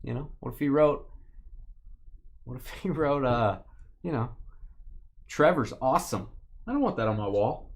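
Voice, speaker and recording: A man's voice: mid-range voice, lively intonation, moderate pace, long pauses. A man hosting a live card break, joking casually and reading off lists of names and teams. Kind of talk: casual live-stream chat while opening cards.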